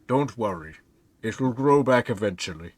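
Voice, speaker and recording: A man voicing a calm male half-giant who speaks in a reassuring, matter-of-fact way. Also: mid-range voice, moderate pace, dry recording, natural voice.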